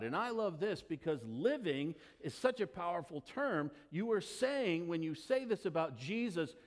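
A male pastor preaching a sermon, emphatic, dropping to quiet asides and building to rising declarations. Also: high voice, lively intonation, normal speed, hardly any pauses. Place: church sanctuary. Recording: long hall reverb.

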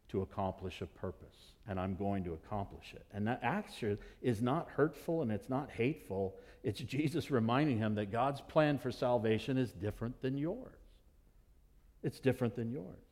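A male pastor preaching a sermon to his church, animated and emphatic, with dramatic pauses. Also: medium pitch.

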